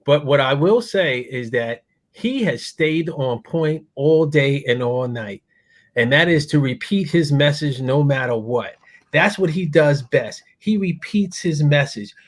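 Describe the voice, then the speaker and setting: An animated man with a fairly high voice, talking through a casual political panel. He laughs often and speaks in a lively way as a co-host. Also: a little slow.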